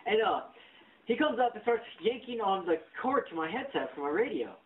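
A man tells a profane work story on a casual podcast, jumping between voices as he quotes people. His pitch swings widely, and the audio is tinny and narrow like a phone line. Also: a little fast, recorded from a distance. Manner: animated, profane, acts out quotes. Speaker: podcast host.

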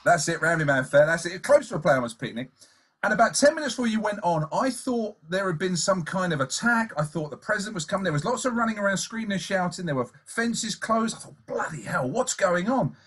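A man's voice: high voice, expressive, quick pace, a bit bright, slightly rough. A man hosting a radio interview, chatty and telling stories while laughing along with his guest. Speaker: radio host.

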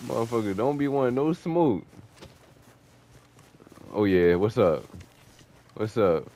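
A young man commentating his online gameplay, taunting and cursing at opponents in an excitable, profane way. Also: fairly low pitch, slow. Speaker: gamer streaming online play. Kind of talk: trash-talking gameplay commentary.

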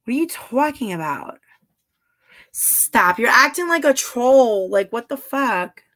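Chatty woman streaming live, blunt, curses a lot, bright edge on her voice. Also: fairly high pitch, lively intonation, slow pace. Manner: chatty, blunt, swears freely. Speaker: livestreamer reading chat. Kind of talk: casual live-stream chat.

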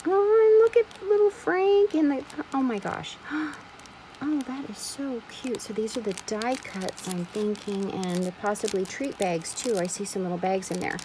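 A woman excitedly unboxing craft supplies in a casual vlog, gushing with frequent gasps and exclamations. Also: fairly high pitch, a little slow, slight background noise, low-quality recording. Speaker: craft vlogger unboxing a swap package.

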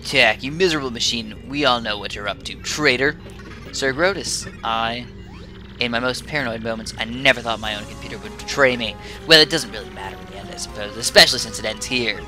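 Man voicing a bossy, sneering game villain, loud and clipped. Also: mid-range voice, fairly quick, over music, natural voice. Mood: scornful. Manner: barking, sneering orders. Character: scheming male villain commander, scornful and bossy.

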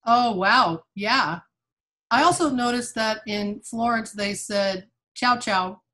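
A woman's voice: on the high side, slow, bright, forceful tone. A woman co-hosting a casual talk show, cheerful and playful, laughing easily. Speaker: co-host.

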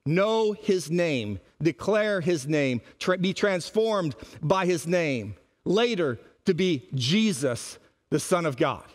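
A man preaching a sermon as pastor, animated and acting out the voices he quotes. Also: high voice.

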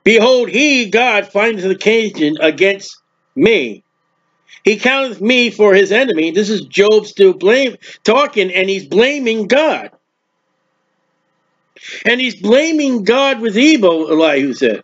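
A man's voice: sits high, expressive, measured pace, fairly bright tone, muffled recording. A man preaching a sermon, reading scripture aloud and explaining it in a plain-spoken, emphatic way.

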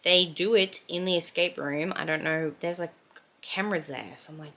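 A woman's voice: fairly low pitch, steady tone, normal speed, sharp tone. A young Australian woman chatting casually at home about the books she is reading. She fills her talk with "like" and giggles often. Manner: chatty, heavy use of "like", giggly. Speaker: book vlogger. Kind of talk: casual book review chat.

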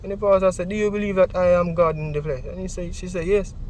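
A young man with a thick Jamaican accent tells his story in a news interview. His voice sits high and he animates the quoted lines. Faint street noise hums behind him outdoors. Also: fast talker. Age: young adult. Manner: animated, heavy Jamaican Patois, acts out quoted speech. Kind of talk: recounting events in interview.

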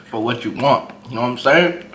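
Bright-voiced man chatting while eating. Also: mid-range voice, moderate pace, slight background noise. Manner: relaxed, chats between bites, laughs often. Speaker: mukbang host. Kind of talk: casual eating vlog chat. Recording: roomy echoey room.

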